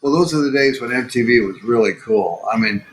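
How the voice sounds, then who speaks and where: A man's voice: medium pitch, expressive, a little fast, a little hiss or hum, poor audio. An older man telling a long story casually as a podcast guest, with many fillers and restarts.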